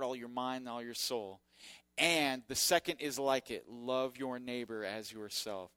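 A man preaching a sermon as pastor, swinging between loud emphatic points and quiet asides. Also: medium pitch, no room sound.

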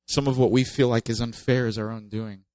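A male pastor delivers a sermon in a relaxed, conversational manner, slipping in light jokes between scripture readings. His voice sits at a middle pitch and is recorded close and dry, with no room echo. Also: brisk. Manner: conversational, joking asides, reads scripture with emphasis.

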